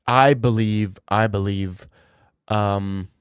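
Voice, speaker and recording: A man's voice: on the low side, fairly even intonation, takes it slowly, smooth, dry recording, clean studio sound. A young man talking casually as a streamer, joking and rambling with a lot of slang. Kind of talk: casual chat.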